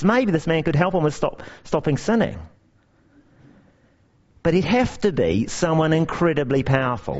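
A man preaching a sermon, his pitch leaping up and down as he tells stories and drives points home with emphatic repetition. The recording sounds dull and lo-fi, as if the top end has been shaved off. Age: young adult to middle-aged parent. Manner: animated storytelling with emphatic repetition.

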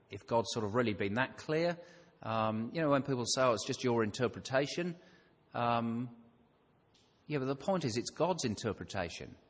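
A man's voice: medium pitch, fairly bright tone. Man preaching in a reverberant hall. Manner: conversational, thinking aloud with rhetorical questions. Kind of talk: sermon.

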